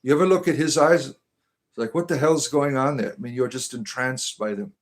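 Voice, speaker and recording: A man with a Detroit accent hosting a livestream, reading viewer comments aloud and answering them in a deadpan, tongue-in-cheek mystic persona. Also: mid-range voice, brisk. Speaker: livestream host.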